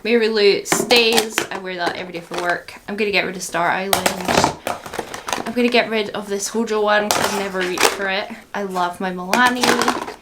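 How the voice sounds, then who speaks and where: A woman's voice: medium pitch, normal speed, heavy background noise. A young woman chatting casually through a vlog in her home beauty room, rambling and a little shaky. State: shaky and groggy after a long sleep. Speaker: beauty vlogger.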